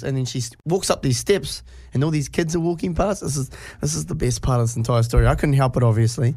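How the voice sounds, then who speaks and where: A man's voice: mid-range voice, fast talker, few pauses, a little mellow, dry recording, clean studio sound. A young New Zealand man with a New Zealand accent, hosting a casual chat and telling stories broken up by sudden blurted tics. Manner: blurts out sudden vocal tics mid-story.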